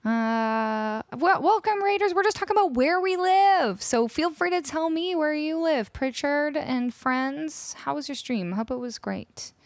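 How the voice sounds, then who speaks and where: A woman's voice: high-pitched, animated, unhurried, few pauses, dry recording. Chatty Canadian-raised woman streamer. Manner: chatty, reads out chat messages and greets viewers. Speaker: music streamer. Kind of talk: casual live-stream chat with viewers. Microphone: studio microphone.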